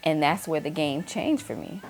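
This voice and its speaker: A woman's voice: low-pitched, expressive, normal speed, soft background music. A woman in her thirties, host of her own talk channel, candidly telling a personal story and acting out the voices of people she quotes. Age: 30s.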